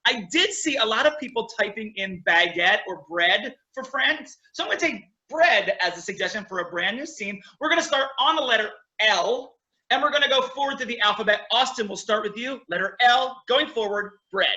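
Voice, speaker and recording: Referee host for a web-call improv match, bright clear man's voice, upbeat. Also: sits high, lively intonation, normal speed, lo-fi sound. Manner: upbeat, chatty, reads the chat aloud. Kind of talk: refereeing a virtual improv game. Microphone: video call.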